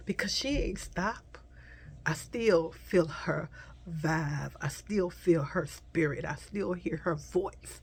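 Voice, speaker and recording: Tearful woman speaking softly, halting. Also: fairly low pitch, husky. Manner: soft, halting, slips into whispers, addresses viewers as y'all. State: tearful, crying at times. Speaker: vlogger. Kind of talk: emotional storytime to viewers.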